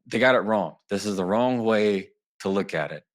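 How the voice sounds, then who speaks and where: Man, fairly low voice, podcast guest, animated, acts out quotes, conversational. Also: moderate pace. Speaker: trial attorney and author, guest.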